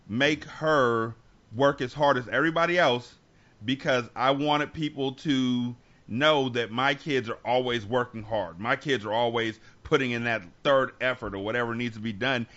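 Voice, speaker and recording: A man co-hosting a podcast, speaking with earnest reflection and often doubling back on his words. His voice sits in a middle pitch. The recording sounds a little dull and lo-fi. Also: measured pace, a bit bright. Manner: earnest, reflective, with many restarts. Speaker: podcast co-host. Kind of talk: candid conversational talk.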